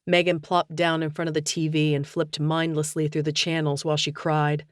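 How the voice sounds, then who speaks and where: A woman narrating an audiobook in a steady, measured way. Her voice sits on the low side. The recording is close and dry. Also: no room sound. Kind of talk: scripted narration.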